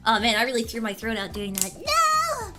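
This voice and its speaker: Young woman streamer, animated and giggly, swooping pitch. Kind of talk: casual chat with chat.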